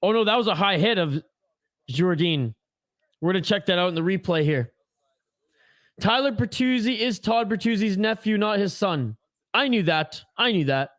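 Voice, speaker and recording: High-voiced guy hosting a hockey watch-along stream, rants and chats with chat, dry sound. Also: moderate pace, pauses often, no echo. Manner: animated, ranting, chatty with viewers. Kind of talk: casual live-stream chat and game commentary.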